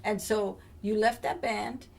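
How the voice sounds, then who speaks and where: A woman's voice: medium pitch, steady tone, measured pace, creaky. A woman interviewing a singer, supportive, with frequent short reactions and follow-up questions. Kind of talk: casual interview.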